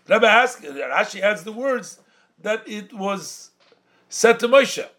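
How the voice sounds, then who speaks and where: A man's voice: high-pitched, expressive, slow, fairly bright tone. A man with a somewhat raised voice teaches a Torah text. He reads a phrase, translates it, then restates the point in a sing-song study cadence, slipping Yiddish and Hebrew terms into his English. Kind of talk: Talmudic-style study lesson.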